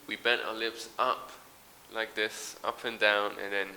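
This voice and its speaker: A man's voice: fairly low pitch, little pitch movement, measured pace, sharp tone, slight background noise. A man teaching English pronunciation, explaining patiently, modelling sounds and reading a short text aloud. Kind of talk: recorded pronunciation lesson.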